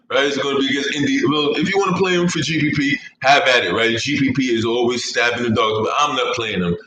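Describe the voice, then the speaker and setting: Male podcast host, casual and rambling, swears a lot, bright tone, echoey room with faint hum. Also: mid-range voice, brisk, few pauses. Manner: rambling, swearing, laughs at own jokes. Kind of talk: casual fantasy sports chat.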